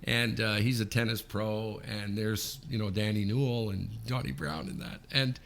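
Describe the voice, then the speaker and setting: A man in his fifties from Canada, co-hosting a podcast and telling an anecdote in a lively way, often checking in with "okay?". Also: fairly low pitch, moderate pace. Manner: animated anecdote teller, frequent "okay?" check-ins. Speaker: podcast co-host. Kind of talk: casual storytelling.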